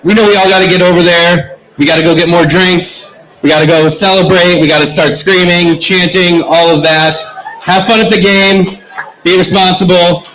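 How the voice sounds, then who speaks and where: A man's voice: high-pitched, steady tone, normal speed, fairly bright tone, slight background noise, rough recording. A man in his thirties co-hosting a live soccer show, joking at his own expense and thanking listeners. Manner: self-deprecating, laid-back joking. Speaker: podcast co-host signing off the show.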